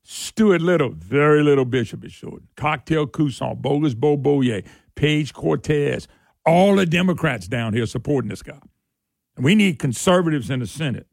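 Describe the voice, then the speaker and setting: A man hosting an opinionated political talk show, sarcastic and quick to laugh. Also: expressive, gravelly, a little mellow, no echo, studio quality. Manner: sarcastic, laughs often, voice jumps high when mocking. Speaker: radio talk show host.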